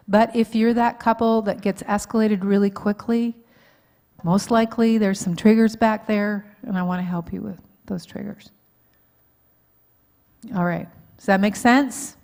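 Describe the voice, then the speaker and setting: A woman's voice: mid-range voice, a little mellow. A woman counselor giving an informal teaching talk at a live church conference, often checking in with the audience and laughing at herself. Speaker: marriage counselor and conference speaker. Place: church hall, live event.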